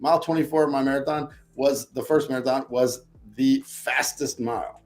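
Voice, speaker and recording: A man telling a personal story in a casual interview, acting out his own past thoughts with lively energy. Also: mid-range voice, moderate pace, faint music behind. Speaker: podcast guest.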